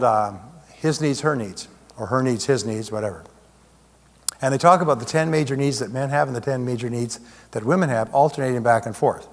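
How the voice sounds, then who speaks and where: A man giving a live seminar talk as a motivational speaker, conversational, with plenty of rhetorical questions. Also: medium pitch. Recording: long hall reverb.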